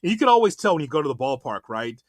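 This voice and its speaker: A co-host rants excitably about his team, his somewhat high voice leaping up as he gets going. The sound is dry and close to the mic. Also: very fast, no echo. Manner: excitable ranting, voice jumping up. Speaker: podcast co-host. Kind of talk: casual sports chat.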